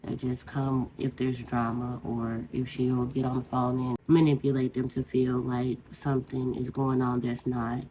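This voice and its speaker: Very deep-voiced woman venting casually. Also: flat delivery, unhurried, hardly any pauses, background noise. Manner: rambling, conversational, heartfelt. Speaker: beauty vlogger. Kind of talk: casual venting while doing makeup.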